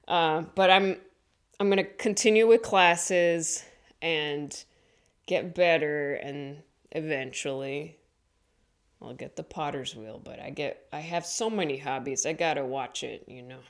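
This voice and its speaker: A woman stand-up comedian chatting straight to camera in a loose, rambling vlog monologue. Her voice sits a little low for a woman. She keeps restarting her sentences and laughing at her own stories. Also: a little slow, clean tone. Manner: chatty and rambling, with frequent self-corrections and laughs.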